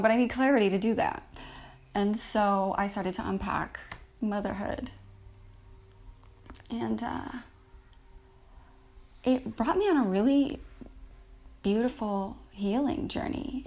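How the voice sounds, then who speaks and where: A woman with a medium-pitched, gravelly, somewhat dark voice hosts a podcast, sharing a personal story in a reflective and emotional way. She uses lots of fillers and restarts, and she lives in a big city with a rooftop terrace.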